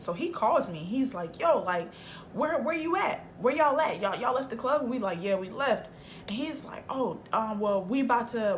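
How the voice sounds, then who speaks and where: A young woman vlogger telling a casual storytime, animated and acting out every quote with big jumps in her voice. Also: lowish voice, slight background noise.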